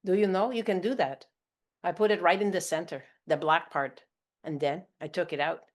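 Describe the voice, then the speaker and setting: A woman's voice: fairly low pitch, moderate pace, voice pushed up, natural voice. A woman voicing an odd young woman with a heavy French Canadian accent. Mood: eerie. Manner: heavy accent, eager and strange.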